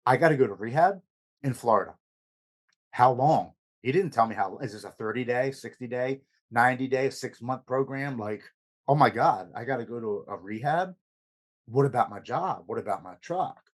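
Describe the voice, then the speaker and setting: A man's voice: mid-range voice, lively intonation, moderate pace, poor audio. A man, a podcast guest, recounting his recovery story in an earnest, emotional way, stammering over words at times.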